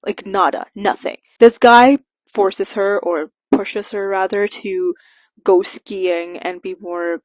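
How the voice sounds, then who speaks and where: Young woman, mid pitch, animated sarcastic book rant to camera, dry close mic. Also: slow, dry recording. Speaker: book vlogger.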